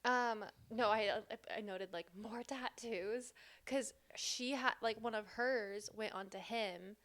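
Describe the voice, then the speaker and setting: A woman co-hosting a podcast, chatting casually about a book, full of "like" fillers and quick laughs. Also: fairly high pitch, a bit bright. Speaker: podcast co-host.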